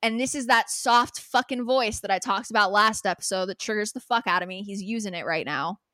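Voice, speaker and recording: A woman's voice: mid-range voice, brisk, no echo. Candid swearing woman podcaster, dry sound. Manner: animated, swears freely, quotes others in retelling. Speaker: podcast co-host. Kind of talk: candid casual chat.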